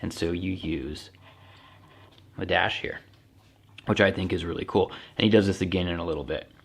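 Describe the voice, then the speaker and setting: A man, a young adult, explaining a text like a teacher in a casual, relaxed way, thinking aloud as he goes. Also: low-pitched, moderate pace, gravelly, husky. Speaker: English teacher. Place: home.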